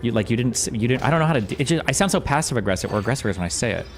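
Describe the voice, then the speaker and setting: A man's voice: medium pitch, expressive, rapid-fire. A man chatting casually as he reacts to a debate on stream. His talk wanders, turns on himself and is full of swearing. Faint music plays behind him. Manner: rambling, self-deprecating, profane. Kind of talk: casual commentary while gaming.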